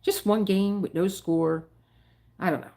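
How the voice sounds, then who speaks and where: A woman's voice: mid-range voice, fairly even intonation, unhurried, mellow. A middle-aged woman from the Philadelphia area, hosting a livestream and chatting in a rambling, emotional way with her viewers. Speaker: livestream host. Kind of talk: casual chat with live viewers.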